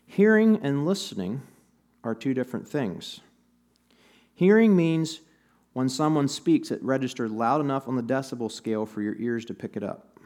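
A man's voice: medium pitch, animated, moderate pace, a little mellow. A man preaching a sermon in a conversational, storytelling way, with bits of humor, to a church audience. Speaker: pastor.

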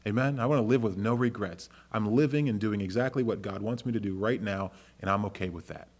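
A man preaching a sermon as a pastor, earnest and conversational, rising into loud, animated storytelling. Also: fairly quick. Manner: acts out characters with raised pitch in anecdotes.

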